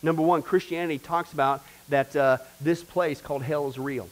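A man's voice: fairly high pitch, fairly even intonation, moderate pace, rough recording. A man teaching a church discipleship class in an emphatic preaching style, repeating phrases and talking straight to the group. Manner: emphatic, repetitive, addresses the class directly.

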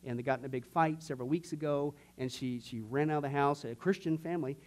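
A middle-aged man, a pastor, teaching a discipleship class by telling personal stories with jokes, asides and many fillers, acting out quoted voices from loud to near whisper. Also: fairly high pitch, fast talker. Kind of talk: sermon-style teaching class.

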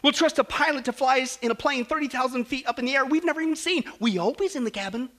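A man preaching a sermon, animated and jokey, acting out stories and swinging between loud and soft. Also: extremely high pitch, fast talker. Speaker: pastor.

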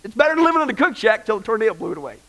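A man's voice: high voice, sing-song, racing, fairly bright tone, voice pushed up, exaggerated voice. A man voicing a tough, no-nonsense old grandmother who scoffs at modern complaints. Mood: scoffing. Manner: dry, scoffing.

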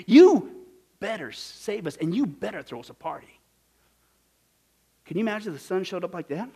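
Animated, high-voiced preacher from Kansas. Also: male voice. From Kansas, USA. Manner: animated, swinging from loud bursts to hushed asides; acts out quoted voices. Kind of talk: sermon.

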